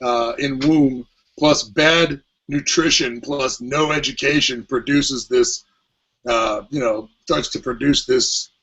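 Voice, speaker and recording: Husky guy on a podcast mic, rambly and full of ums, kinda muffled lo-fi audio. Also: mid-range voice, steady tone, slow, a bit bright. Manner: rambling, hesitant, many fillers. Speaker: podcast co-host. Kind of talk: casual podcast discussion. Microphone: headphones with mic at home.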